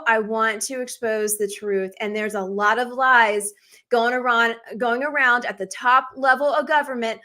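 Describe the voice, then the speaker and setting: Woman, 40s, from the northern US, talk host, outspoken, bright tone. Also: fairly high pitch. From Northern United States. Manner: bold, outspoken, emphatic. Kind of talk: live-streamed talk show monologue.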